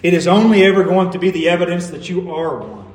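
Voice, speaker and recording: A man's voice: high-pitched, lively intonation, fast talker. A man preaching a sermon as pastor, earnest, building to emphatic peaks. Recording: echoey hall, mic at a distance.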